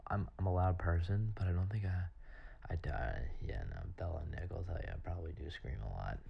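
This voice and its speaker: A young man hosting a podcast, rambling and halting with lots of fillers. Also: sits low, very animated, gravelly, husky. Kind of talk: casual monologue answering questions. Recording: dull lo-fi sound.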